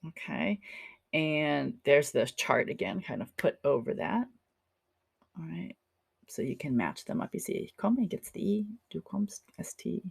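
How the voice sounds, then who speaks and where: Gravelly-voiced woman teaching German. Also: low voice, lively intonation, measured pace, dry recording, clean studio sound. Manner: chatty, encouraging, checks in with "okay?" and "right?". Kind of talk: classroom lecture over slides.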